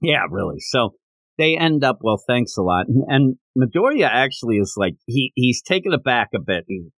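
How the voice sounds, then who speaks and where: Animated man chatting about comics. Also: medium pitch, moderate pace, no room sound. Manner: animated, retells scenes with laughs. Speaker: podcast host. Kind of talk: casual chat reviewing a comic.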